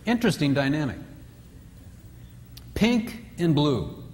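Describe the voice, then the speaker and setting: A man's voice: fairly high pitch, sing-song, slow pace, a little mellow, slight background noise. Joking man speaking in an echoing hall. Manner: joking, acts out quoted spouses in raised voices. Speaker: marriage retreat speaker. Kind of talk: humorous marriage seminar talk. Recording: distant reverberant hall with faint ambience.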